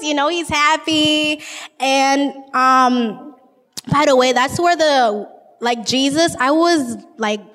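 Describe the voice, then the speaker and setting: A woman's voice: high-pitched, slow, long reverb tail. A woman, casually and goofily retelling a Bible story in her own words. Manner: goofy, chatty, uses lots of "like". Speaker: informal Bible teacher.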